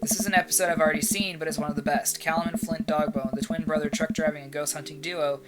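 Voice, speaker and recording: A woman hosting a casual let's play, reading a dating game's text aloud in a playful way, over loud game music. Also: low voice, fairly even intonation, fast talker, over a noisy crowd.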